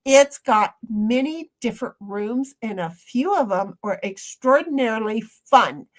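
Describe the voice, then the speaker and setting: A woman live streamer chatting casually and reading viewer comments aloud, rambling with frequent restarts and soft trailing asides. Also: fairly high pitch, lively intonation, a little slow.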